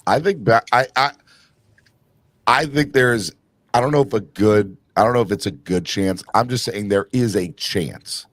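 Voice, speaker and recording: Guy hosting a sports podcast, lowish voice, dry sound, keeps restarting and pushing his point. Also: moderate pace, a bit bright, no room sound. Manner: emphatic, repeats and restarts often. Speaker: podcast host. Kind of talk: casual sports chat.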